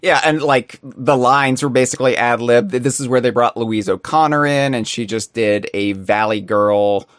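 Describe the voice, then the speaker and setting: Podcast co-host, man, mid-pitched, rambling and animated, dry close mic. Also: normal speed, hardly any pauses, no room sound. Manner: rambling, animated, many restarts and fillers. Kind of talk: casual podcast chat.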